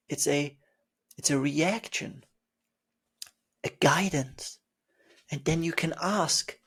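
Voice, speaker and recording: A man gives a spiritual talk in an unhurried, deliberate way. His voice is gravelly and a little husky, sitting fairly high for a man. He leans on rhetorical questions and slips into the inner voices he describes. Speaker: spiritual speaker.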